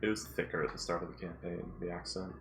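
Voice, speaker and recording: A man's voice: low voice, steady tone, fast, creaky, slight background noise. A man running a tabletop game as game master, chatting casually in a rambling, self-deprecating way.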